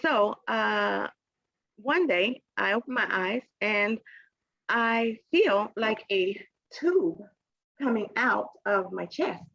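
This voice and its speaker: A woman tells a personal story in a casual podcast interview, mimicking the people in it with sudden high-pitched voices and frequent laughter. Her voice has a gravelly edge and sits at a middle pitch. The recording is dry and slightly muffled. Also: takes it slowly, no echo. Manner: animated storyteller, acts out quoted voices with big pitch jumps, laughs often. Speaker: podcast guest, realtor.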